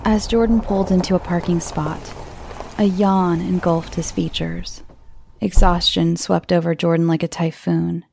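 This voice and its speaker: Gravelly-voiced woman narrating horror. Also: on the low side, flat delivery, unhurried, darkish tone, slight background noise. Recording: music bed under the voice.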